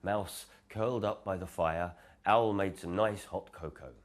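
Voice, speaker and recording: A man narrating a children's bedtime story in a gentle, expressive storytelling manner. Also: low-pitched, a little slow.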